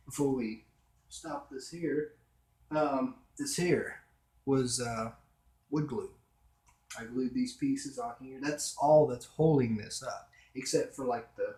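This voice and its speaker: A man's voice: mid-range voice, slow, pauses often, a little mellow. A man chatting casually in his own room, rambling with fillers and restarts as a vlogger. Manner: meandering, with many fillers and restarts. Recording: roomy echo.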